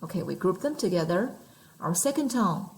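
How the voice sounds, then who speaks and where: Over poor audio, a woman with a fairly low voice leads an online Mandarin lesson on numbers and tones. Animated and speaking at normal speed, she stays patient and models every sound out loud.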